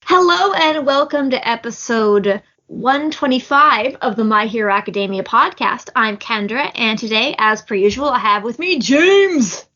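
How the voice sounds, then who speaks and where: A woman's voice: on the high side, animated, normal speed, pushed and bright, highs cut off. A woman hosting a podcast in casual chat, talking in a giggly, self-deprecating, chatty way. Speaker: podcast host.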